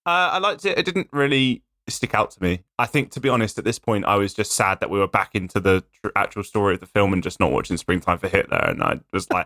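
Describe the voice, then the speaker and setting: A man's voice: fairly low pitch, animated, quick pace, hardly any pauses, bright, forceful tone, dry recording, clean studio sound. A man co-hosting a podcast, giving wry, laid-back takes on a film. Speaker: podcast co-host. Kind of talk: casual film review chat.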